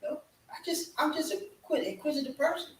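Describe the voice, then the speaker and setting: A man hosting a casual live chat show from home, excitable and energetic as he hypes up his viewers. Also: very high voice, a little fast. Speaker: show host. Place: room at home. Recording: echoey room, voice from far off.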